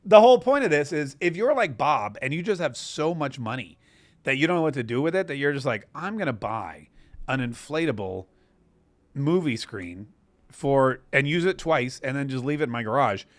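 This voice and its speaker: Brisk and mid-range with lively intonation, an American host in his forties chats casually on his live stream. He tells a long, meandering story that keeps restarting, recorded with no room sound.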